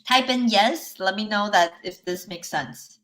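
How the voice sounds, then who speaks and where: Her voice is medium in pitch, fairly bright, and a little slow. She's a life coach leading a live workshop online, recounting a personal story in a chatty manner while often checking in with listeners and laughing lightly between points.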